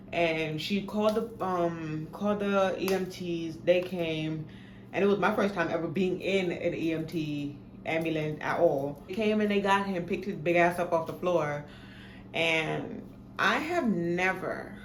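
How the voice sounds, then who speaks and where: A young adult woman, animatedly telling a profane personal story in a casual storytime. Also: on the low side. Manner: animated, profane, dramatic retelling. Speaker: storytime vlogger. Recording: echoey room, faint background noise.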